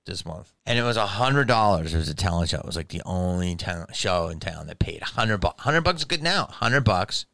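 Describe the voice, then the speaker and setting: A man's voice: low-pitched, expressive, a little fast, vocal fry, few pauses, bright, forceful tone, dry recording. A man in his fifties delivering a profane, rambling comedic monologue.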